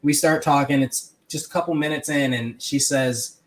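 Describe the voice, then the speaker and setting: A man's voice: on the high side, fairly even intonation, moderate pace. A man on a casual chat telling a story in an easygoing way.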